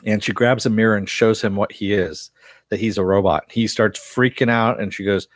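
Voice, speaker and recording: Low-voiced man casually recapping a show. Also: normal speed, no echo, studio quality. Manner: chatty, loose retelling with frequent uh fillers and mild profanity. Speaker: TV series reviewer.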